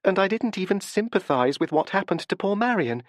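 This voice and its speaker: A man voicing a soft-spoken, quietly unsettling young woman in an audiobook, talking in a hesitant, sincere way. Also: on the high side, lively intonation, normal speed, no echo, studio quality, pitched above the performer's own voice, lightly acted. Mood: soft, apologetic. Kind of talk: audiobook character voice.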